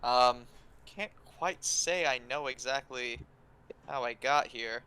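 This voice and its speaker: A man's voice: mid-range voice, takes it slowly, pushed and bright, clean tone. A man voicing a hesitant lost sailor. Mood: evasive. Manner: hesitant, full of ums, then prickly. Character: evasive lost human sailor, proud of his ship.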